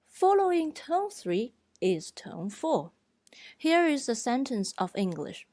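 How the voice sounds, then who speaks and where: Slow, careful female Mandarin tutor. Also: very animated, mellow, dry recording. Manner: clear, deliberate, demonstrating pitches. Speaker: Mandarin teacher.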